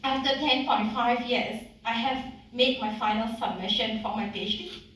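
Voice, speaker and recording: A woman's voice: fairly high pitch, steady tone, normal speed, a bit bright, a little hiss or hum. Heartfelt woman speaking in an echoey hall. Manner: heartfelt, slightly emotional. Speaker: speaker at a community event. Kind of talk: personal speech to an audience. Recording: echoey hall mic from some distance.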